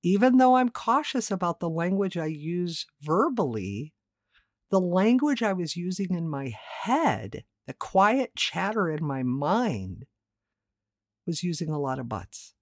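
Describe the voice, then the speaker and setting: A woman's voice: on the low side, sing-song, a little slow, no room sound, clean studio sound. A woman hosting a self-help podcast, talking candidly and emphatically, with offhand swearing. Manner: emphatic, repeats words for stress. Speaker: podcast host.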